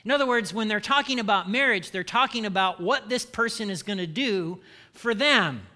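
A man's voice: high voice, expressive, moderate pace, sharp tone. An American man preaching a conversational sermon as a pastor, teasing and joking with his congregation. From United States. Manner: conversational, playful, teasing the audience. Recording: long hall reverb.

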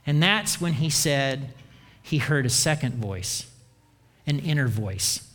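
A man preaching a sermon as pastor, earnest, often letting his voice sink low at the end of a key phrase. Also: lively intonation, takes it slowly, a bit bright. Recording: long reverb of a large hall.

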